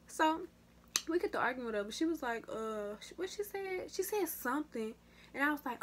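A young woman vlogger telling a casual story to her viewers, slangy and animated, with big jumps in pitch and loudness. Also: fairly quick, slight background noise. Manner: addresses viewers as y'all. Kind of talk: casual story time vlog.

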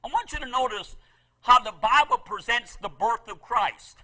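A middle-aged male pastor preaching a sermon with passion, repeating phrases and swinging between loud emphasis and soft asides. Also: very high-pitched, expressive, moderate pace, poor audio.

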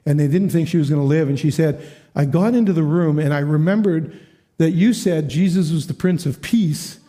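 A man preaching as a guest speaker at a church, telling a story with lively quoted voices and frequent laughs. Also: fairly high pitch, normal speed. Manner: animated, acts out quoted voices, laughs often. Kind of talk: storytelling sermon.

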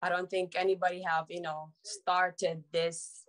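A woman's voice: fairly low pitch, level tone, measured pace, low-quality recording. A young woman from Sierra Leone answering audition interview questions hesitantly, with many fillers. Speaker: reality show applicant.

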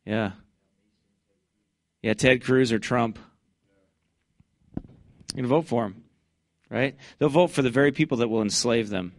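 A man preaching a fervent Baptist sermon, swinging from conversational asides into loud, high-pitched bursts of scripture. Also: unhurried, long pauses, no room sound.

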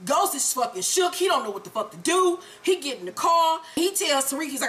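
Speaking at a moderate pace in a high voice, this show recap host runs through a TV episode casually. She swears as she tells the story and performs the characters' lines with animation.

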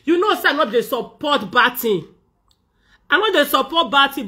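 Woman, Nigerian Pidgin accent, bright and forceful tone, scolding rant, vlog monologue. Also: high voice, normal speed. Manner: scolding, animated, acts out others' words. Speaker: vlogger. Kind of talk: ranting monologue to camera.

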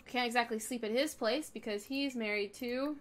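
Young woman gamer host, talks back at characters, fairly high voice, casual commentary. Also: brisk. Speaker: gaming video host. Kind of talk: casual let's-play commentary.

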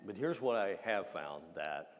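A man's voice: low-pitched, lively intonation, soft background music. A man preaching a conversational sermon, with frequent restarts and asides to the congregation. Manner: conversational, halting with many restarts. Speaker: pastor. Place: church sanctuary. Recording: long reverb of a church hall.

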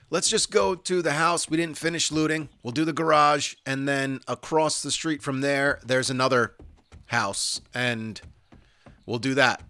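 A gaming YouTuber with a medium-pitched, sharp voice gives casual let's-play commentary over a survival game. He's wry and self-mocking, muttering to himself as he plays.

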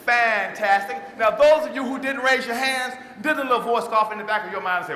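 A man giving a lively motivational speech to a live audience, drawing call-and-response from the crowd and acting out quoted voices. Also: extremely high pitch, fairly quick, slight background noise. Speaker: motivational speaker. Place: large hall before an audience. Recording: echoey hall with long reverb.

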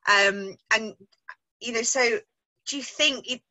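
A woman's voice: a little high, slow, sharp tone, low-quality recording. A woman interviewing a fellow author, speaking eagerly with many fillers and restarts over a video call.

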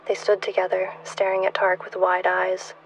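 A woman in her twenties reading her own fiction aloud in a measured, hushed way, at times dropping to a whisper. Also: mid-range voice, monotone, low-quality recording. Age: 20s. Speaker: author.

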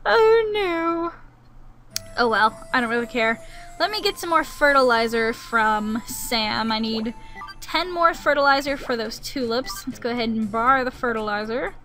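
Young woman, let's play commentary, chatty, exasperated, high voice, soft game music. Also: moderate pace. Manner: chatty, sings to herself, turns exasperated and grumbling. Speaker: gaming channel host.

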